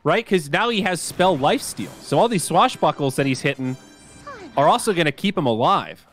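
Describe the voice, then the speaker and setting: A man casting a live esports match with quick, excitable calls of the action, set a little high. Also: faint music behind. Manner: excitable, rapid call of the action. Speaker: esports caster. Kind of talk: live play-by-play commentary.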